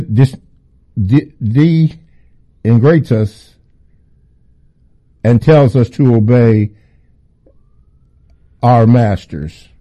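A man's voice: mid-range voice, dark tone, dull audio. A man hosting a call-in talk radio show, relaying a question and reading out station promos. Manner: affirming listener, reads out questions and station promos.

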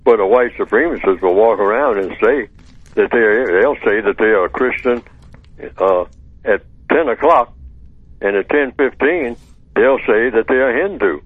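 A man talks over a thin, tinny phone line with a dry sound and no room around it. He lectures at a measured pace as a radio guest, posing rhetorical questions and answering them himself. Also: mid-range voice, no room sound. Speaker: guest expert on call-in radio. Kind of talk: talk radio discussion. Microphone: telephone.

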